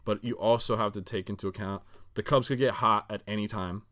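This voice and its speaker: A man with a fairly low voice talks sports quickly and casually with a friend. His delivery is laid-back and low-key, and he slips in dry jokes as he goes. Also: fairly even intonation, a bit bright.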